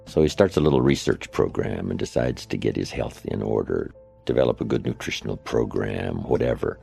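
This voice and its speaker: In an archive recording from a lecture setting, an older motivational speaker tells stories conversationally, full of anecdotes and tag questions. His rumbling low voice is brisk and mellow with vocal fry, and faint music plays behind him.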